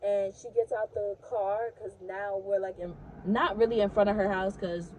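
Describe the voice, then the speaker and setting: A young woman tells a story in a casual vlog. Her voice sits at a middle pitch, and she talks animatedly, with plenty of "like" and swearing. Faint background noise runs underneath. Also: moderate pace, rough recording. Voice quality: animated, swears freely, frequent likes. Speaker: vlogger telling a story.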